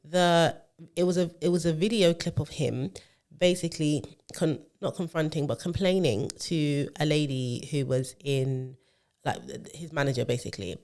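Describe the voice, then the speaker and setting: A podcast co-host chats casually, rambling through a long story full of fillers and self-corrections. The voice sits at an ordinary middle pitch, with a moderate pace and a slightly mellow quality.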